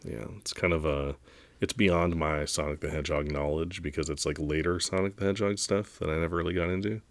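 Laid-back man with a very deep voice. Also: fairly even intonation, brisk, dry recording. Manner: laid-back, self-deprecating, chuckles easily. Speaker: podcast host. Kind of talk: casual podcast reading listener fan fiction.

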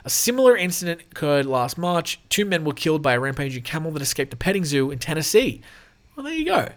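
A man's voice: a little high, sing-song, fast. Jokey male host reading animal news. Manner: irreverent, jokey, laughs often. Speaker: show host. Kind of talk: casual commentary reading news.

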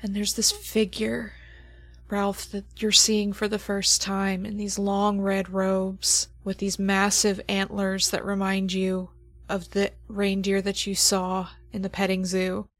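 A woman game master narrating a horror tabletop game slowly and dramatically, often dropping to near whispers for suspense. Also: mid-range voice, monotone, a bit bright, no echo.

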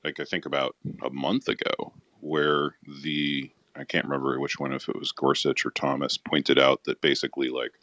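A man's voice: a bass voice, little pitch movement, normal speed, hardly any pauses, fairly bright tone, no echo. A man co-hosting a podcast, explaining things plainly in casual chat. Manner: matter-of-fact, explains plainly. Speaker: podcast co-host.

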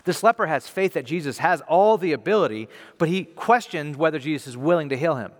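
A male pastor giving a conversational sermon, animated, then dropping softly for emphasis. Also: on the high side, fairly quick. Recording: reverberant hall.

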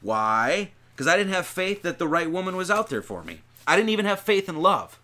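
A man leads a loose, chatty sermon, reading scripture and then riffing on it. His voice sits a little higher than most men's. He drags out key words for emphasis. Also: very animated, bright, forceful tone. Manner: conversational, rambling, emphatic with drawn-out phrases. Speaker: preacher.

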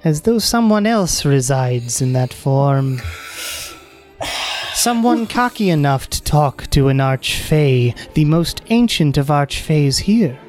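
Guy voicing an ancient archfey, aloof and imperious, slow and stately, faint music behind. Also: fairly high pitch, animated, a little mellow. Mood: haughty.

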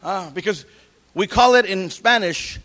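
A middle-aged man preaching a sermon as pastor, animated, quoting scripture and cracking jokes. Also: sits high, measured pace.

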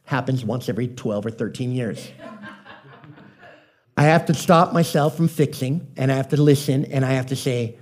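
A man's voice: mid-range voice, moderate pace, a little mellow. A man preaching a conversational sermon who tells folksy stories and keeps checking in with his audience. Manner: folksy storytelling, asks the audience questions. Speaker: pastor.

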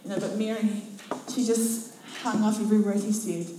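A woman's voice: medium pitch, moderate pace, far from the mic, background noise. Nz lady preaching in church, acts out the stories, really echoey, mic way off. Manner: expressive storytelling, acts out quotes. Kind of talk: sermon.

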